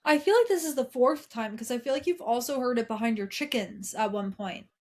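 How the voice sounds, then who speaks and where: A woman co-hosting a podcast, chatting casually with quick questions and short reactions. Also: fairly high pitch, a little mellow. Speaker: podcast co-host. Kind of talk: casual chat.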